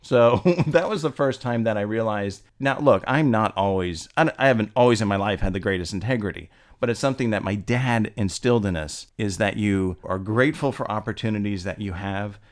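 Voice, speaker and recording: Animated man telling a story. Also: lowish voice, brisk, hardly any pauses. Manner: animated, laughs often, rising with indignation. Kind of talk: casual storytelling.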